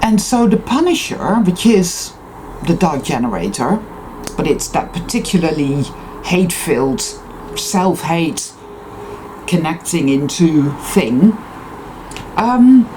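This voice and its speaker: A woman's voice: lowish voice, sing-song, takes it slowly, pauses often, background noise. A woman in an unscripted personal monologue, speaking intensely and emphatically, often swearing. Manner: emphatic, intense and profane self-affirmation. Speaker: spiritual vlogger.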